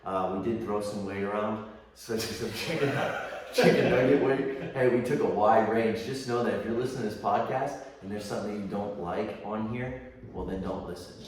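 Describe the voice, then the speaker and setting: Man, podcast host, laid-back casual chat, low voice, faint noise. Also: moderate pace, a little mellow. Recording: very echoey room, far from mic, faint noise.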